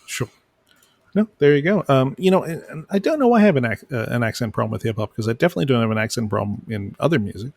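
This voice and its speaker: A male podcast co-host in easy conversation who stumbles and repeats words, often laughing at his own expense. His voice is husky and gravelly. It is recorded close and dry, with no room sound. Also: mid-range voice, animated, quick pace, a little mellow, no echo. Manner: stammering, repeats words, self-deprecating. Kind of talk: casual chat.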